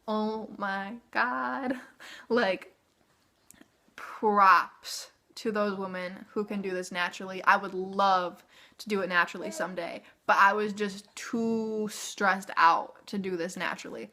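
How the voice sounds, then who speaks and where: A woman's voice: medium pitch, measured pace. A woman in her twenties telling a personal story to camera in a chatty, casual way, full of "like". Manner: chatty, filler-heavy "like", animated retelling. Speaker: vlogger.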